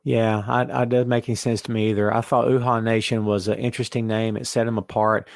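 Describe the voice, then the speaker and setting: A man hosting a casual wrestling podcast, talking in an animated way and reading listener comments aloud. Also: on the low side, fairly quick, gravelly, no echo, studio quality. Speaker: podcast host.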